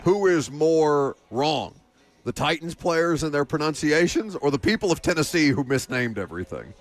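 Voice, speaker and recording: A man's voice: fairly high pitch, expressive, moderate pace. A man hosting a sports radio show, bantering casually with co-hosts, joking and laughing often with rambling restarts.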